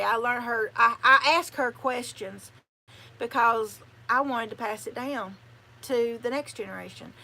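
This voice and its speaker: A woman's voice: fairly high pitch, sharp tone. An older woman, chatting casually on a livestream in a rambling, folksy way. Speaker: channel host.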